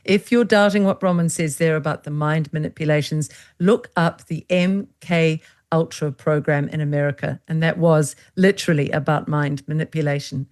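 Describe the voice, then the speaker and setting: Low-voiced, emphatic woman host. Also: fairly even intonation, moderate pace, hardly any pauses, a little mellow. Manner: emphatic, speaks directly to viewers, indignant. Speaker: interviewer, host. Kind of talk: conversational interview.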